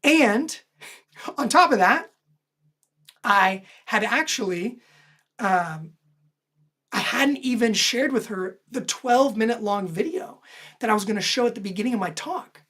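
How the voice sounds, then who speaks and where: A woman host animatedly telling a personal story, lively and self-deprecating, laughing often. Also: a little high, measured pace, pauses often, slightly rough. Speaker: host recounting her own stories.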